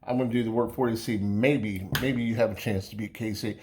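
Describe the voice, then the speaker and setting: A man's voice: on the low side, steady tone, brisk, few pauses, a little mellow, a little hiss or hum. A man casually reviewing a beer on camera, talking in a rambling, folksy way with many fillers and restarts. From United States.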